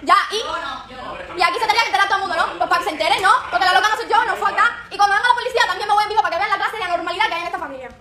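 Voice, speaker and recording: A woman's voice: extremely high pitch, racing, crowd noise. A woman in her late teens, a native Spanish speaker, ranting angrily and profanely on a live stream at home, upset and agitated. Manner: angry, profane, switching between Spanish and English. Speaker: livestreamer. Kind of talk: emotional live-stream rant.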